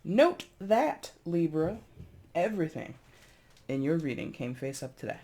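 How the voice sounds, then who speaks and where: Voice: medium pitch, sing-song, measured pace, warm tone. A tarot reader giving a casual reading to camera, chatty and rambling, often repeating and correcting themselves, with giggly asides.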